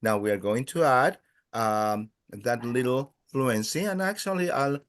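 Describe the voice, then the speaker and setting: Patient man teaching, full of "uh"s. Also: mid-range voice. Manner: halting, with many "uh" fillers; patient and encouraging. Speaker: Spanish teacher. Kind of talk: teaching a beginner language class.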